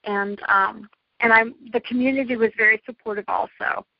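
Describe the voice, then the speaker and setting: A middle-aged woman talks as an interview guest, chatty and effusive. Her voice sits high. The line sounds dull and lo-fi, dry with no room sound. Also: fairly even intonation, normal speed, vocal fry, no room sound. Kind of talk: casual interview chat.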